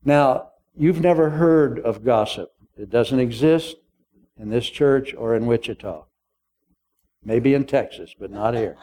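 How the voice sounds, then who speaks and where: A man's voice: medium pitch, a little slow, dark tone. An older male pastor preaching a sermon, acting out the dialogue of a parable with humor.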